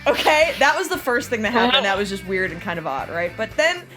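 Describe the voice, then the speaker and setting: A young adult woman hosting a podcast, telling a story in casual chat, animated, laughing and swearing as she acts out quotes. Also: on the high side, fairly quick, music in the background. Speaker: podcast host.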